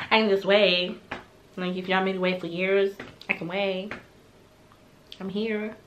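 A woman's voice: mid-range voice, slight background noise. A young woman vlogging her reaction to a music album, gushing and emotional, humming along at times. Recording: music playing faintly underneath.

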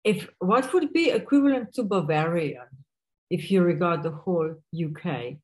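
A woman moderating an online talk, asking halting questions. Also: on the low side, expressive, low-quality recording.

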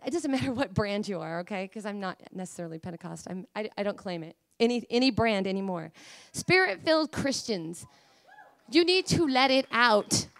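A woman preacher giving an emotional, passionate sermon, swinging between hushed talk and fiery proclamation. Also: mid-range voice, animated, moderate pace, no room sound. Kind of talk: Pentecostal-style sermon.

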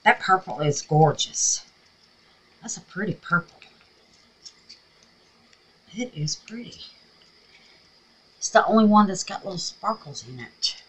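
In a home craft room with an air purifier, a Southern craft vlogger from Mississippi walks through a tutorial in a casual, chatty way, talking to herself and calling her viewers babies. Her scratchy voice sits on the low side and sounds husky and a bit bright. She's expressive but takes it slowly, pausing often.

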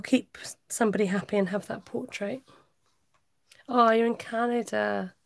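A woman's voice: mid-range voice, steady tone, moderate pace, vocal fry, dry recording. Chatty English woman with a West Country twang. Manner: warm chatty, laughs often, talks while working. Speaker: craft livestream host. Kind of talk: chatty live craft stream, reading chat.

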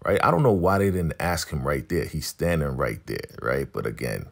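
Deep gravelly man recapping a show. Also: moderate pace. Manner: animated retelling, jumps into high voices for quoted characters. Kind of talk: casual episode recap, acting out lines.

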